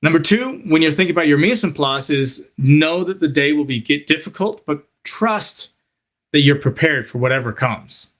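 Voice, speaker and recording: A man's voice: on the high side, lively intonation, normal speed, a bit bright. Man giving a storytelling cooking lesson. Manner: storytelling, direct address with frequent "okay?" and "you know". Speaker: culinary instructor. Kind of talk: live teaching talk.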